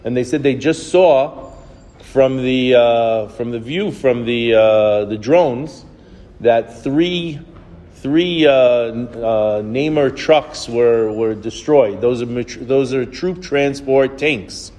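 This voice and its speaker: A man gives an informal Torah class, telling stories in a loose conversational way. He often repeats and restarts his words, and he acts out the dialogue. His voice sits at an ordinary pitch, and a long reverb hangs behind it in the room. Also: slow, a little mellow. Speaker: rabbi teaching a class.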